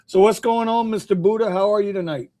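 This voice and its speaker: A man's voice: sits high, moderate pace, very noisy. Jokey man hosting a live show. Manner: loose and jokey, lots of "bro" and laughter. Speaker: host. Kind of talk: casual livestream chat.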